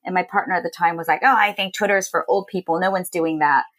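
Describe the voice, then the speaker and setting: A woman from Los Angeles chats in a relaxed interview with a somewhat low voice. She tells her stories with energy and acts out other people's lines. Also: quick pace. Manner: animated, quotes others in lively voices. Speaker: guest, entrepreneur. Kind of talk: casual storytelling interview.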